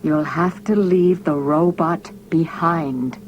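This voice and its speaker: Weary male captain, read by a woman, quiet and heavy with misery, low voice. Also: slow pace, highs cut off, a little hiss or hum. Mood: grave.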